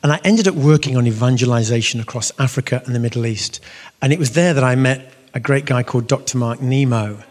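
A man giving a storytelling sermon, animated and acting out the voices he quotes. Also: medium pitch, fast, slight background noise. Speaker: speaker giving a faith talk. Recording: long hall reverb.

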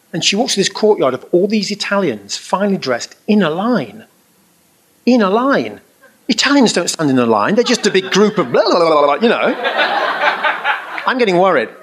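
A middle-aged man giving a personal testimony to a live audience, telling it as an animated, anecdotal story with chuckling asides and colourful everyday phrasing. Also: on the high side, slight background noise.

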